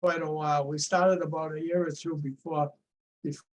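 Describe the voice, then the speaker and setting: Folksy older New man, high voice. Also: level tone, moderate pace. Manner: rambling, folksy, with restarts. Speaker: show-and-tell presenter. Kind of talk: casual storytelling on a video call. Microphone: video call.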